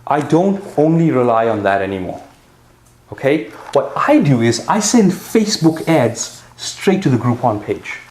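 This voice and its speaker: A man's voice: mid-range voice, very animated, measured pace, darkish tone. South African man coaching in a roomy echo. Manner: direct, punchy, keeps checking in with "right?". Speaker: fitness business coach. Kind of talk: marketing seminar talk.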